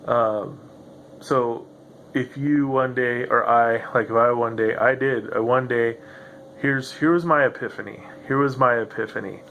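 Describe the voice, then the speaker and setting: A man's voice: medium pitch, fairly even intonation, unhurried, vocal fry, a bit bright. Rambling, laughing man with a faint hum. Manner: loose, profane, laughs often. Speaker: podcast host. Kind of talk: rambling solo podcast monologue. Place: home room with a noisy computer. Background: grinding computer fan.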